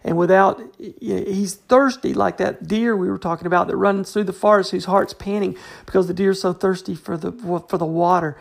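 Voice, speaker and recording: A woman's voice: medium pitch, steady tone, normal speed, gravelly, hardly any pauses. A woman giving an informal Bible study talk, conversational and full of restarts. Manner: conversational, fills with "you know", restarts often. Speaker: Bible teacher.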